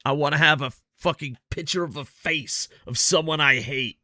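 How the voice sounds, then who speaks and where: A male streamer talks over his football game in a bright, slightly high voice, cursing and complaining about his stream setup. The sound is close and dry, with no room around it. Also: normal speed, no room sound. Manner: profane, excitable, grumbles at his stream tech. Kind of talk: casual gameplay chat.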